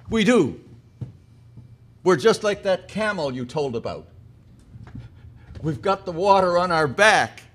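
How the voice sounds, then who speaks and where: Folksy storytelling man, slightly high. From Newfoundland, Canada. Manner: folksy, repeats words, laughs at own jokes. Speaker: conference speaker. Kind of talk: humorous storytelling.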